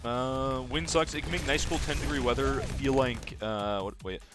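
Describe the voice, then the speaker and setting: A man's voice: mid-range voice, fairly even intonation, normal speed. A young Canadian man streaming a game from home, rambling and chatting casually with his viewers and laughing often, with game music behind him. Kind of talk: casual gaming commentary to chat.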